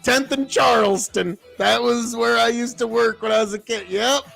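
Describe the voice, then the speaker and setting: High-voiced man chatting casually. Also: moderate pace, creaky, faint music behind. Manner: rambling, profane, easily excited. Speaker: livestream host and seed farmer. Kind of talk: casual livestream chat.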